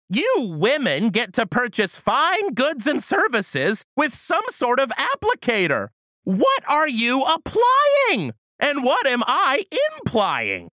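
A woman co-hosting a comedy podcast, deadpan in her sketch banter, then breaking out into loud excited shouting. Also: high-pitched, no echo, studio quality.

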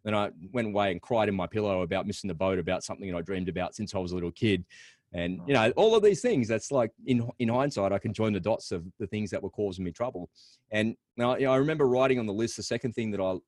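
A middle-aged man with an Australian accent speaks in a somewhat low voice as a podcast guest. He thinks aloud, restarting and repeating words as he tells his story openly. The sound is dry and close, with almost no room echo. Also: animated, fast, darkish tone. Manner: rambling, repeats words, candid. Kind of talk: reflective interview storytelling.

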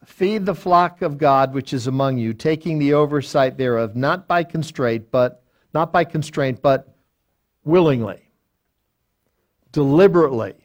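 An older man, a pastor, teaching a Bible study verse by verse, quoting reference books aloud and often restarting with fillers. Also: medium pitch. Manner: deliberate, quotes lexicons aloud, frequent fillers and restarts.

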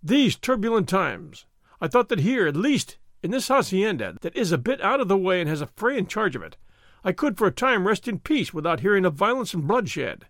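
A man voicing a mild, refined young nobleman who talks in a leisurely, gently mocking way, in an audiobook reading. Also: high-pitched, big pitch swings, moderate pace, no echo, studio quality. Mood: languid. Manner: leisurely, mildly teasing, refined.

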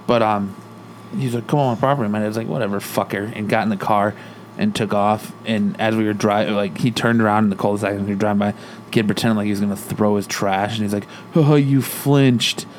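A man's voice: fairly low pitch, fast talker, slight background noise. A man in a casual chat, telling road-rage stories and acting out the quotes, with plenty of swearing. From Arizona, USA. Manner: animated storyteller, acts out quotes, swears.

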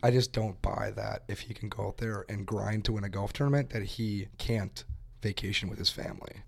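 A man's voice: lowish voice, fairly even intonation, a little fast, vocal fry, slightly rough. A man co-hosting a golf podcast, arguing his points emphatically. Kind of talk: casual podcast chat.

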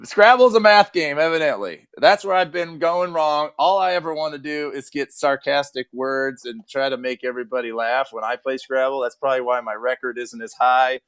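A man's voice: mid-range voice, normal speed, few pauses, fairly bright tone, clean tone, dry recording. A man in his thirties co-hosting a casual sports podcast, joking and sarcastic as he chats. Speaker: podcast co-host, former player.

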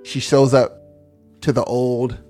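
A man co-hosting a comedy podcast, rambling through an improvised story and acting out its characters in quick voices. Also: mid-range voice, level tone, a little mellow, faint music behind.

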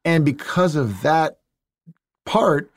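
A man, an actor and screenwriter, telling career stories in a casual interview, animated, with quick asides and frequent laughs. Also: a little high, no room sound.

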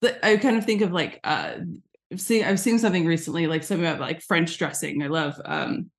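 A woman's voice: on the low side, brisk. An American woman talking as an interview guest in casual chat, chatty and emphatic, with many "like" fillers, over a video call. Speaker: guest, branding agency founder.

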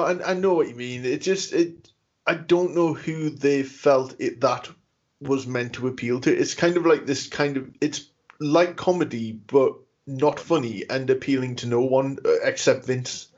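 A man's voice: mid-range voice, measured pace. Hesitant man on a podcast. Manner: hesitant, many ums and restarts. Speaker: podcast co-host. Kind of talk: casual chat. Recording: dull lo-fi sound.

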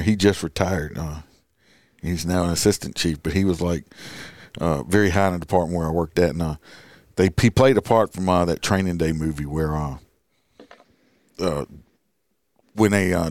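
A man's voice: sits low, dry recording. A middle-aged man, a police officer, tells stories casually and often laughs as he talks. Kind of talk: casual storytelling.

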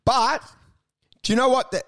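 A man's voice: extremely high pitch, steady tone, normal speed, vocal fry, fairly bright tone. A man co-hosting a podcast, rambling and mock-outraged in casual comedic banter, often laughing. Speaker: podcast co-host.

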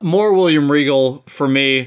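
Quick, chatty man with a higher voice. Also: smooth. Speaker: podcast co-host. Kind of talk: casual chat.

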